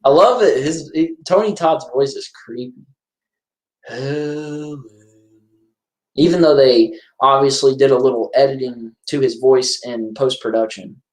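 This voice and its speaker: A man giving casual, excitable commentary over a horror movie, rambling and restarting his sentences. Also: medium pitch, measured pace. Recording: echoey room.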